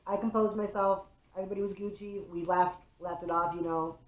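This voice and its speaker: A woman's voice: medium pitch, a little fast. Young woman telling a story in a roomy room. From Chicago. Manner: profane, animated storytelling. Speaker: vlogger. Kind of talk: casual storytime. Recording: roomy echo.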